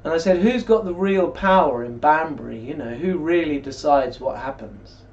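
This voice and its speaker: A man's voice: a little high, expressive, normal speed. A man, talking casually and reading scripture aloud in a rambling, conversational way while seated indoors. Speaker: religious video blogger. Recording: distant mic, dull lo-fi sound.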